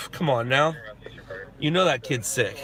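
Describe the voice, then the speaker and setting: Parked in a parking lot at sunset, a man hosts a live stream, laid-back and joking as he answers chat questions. His mid-range voice is animated and sharp-toned, and he takes things slowly.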